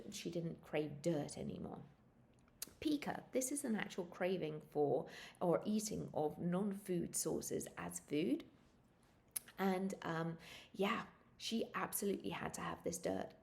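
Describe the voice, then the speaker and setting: A woman in her thirties tells stories from her own life in a casual, animated way. Her voice sits a little low and has a gravelly, fry-laced edge. She laughs often and leaps into high squeals when she acts out what people said. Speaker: vlogger sharing pregnancy experiences. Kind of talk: casual storytelling.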